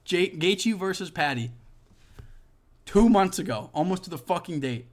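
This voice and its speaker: Fired-up man ranting, voice a bit high. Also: lively intonation, unhurried. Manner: heated, profane ranting with sudden loud outbursts. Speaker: podcast host. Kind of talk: reading and reacting to online comments.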